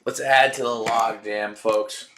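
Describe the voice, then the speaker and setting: A man's voice: fairly low pitch, fairly even intonation, slow pace, a bit bright, slight background noise. A young man hosting a live stream, chatting casually, cheering and teasing his viewers. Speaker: livestream host.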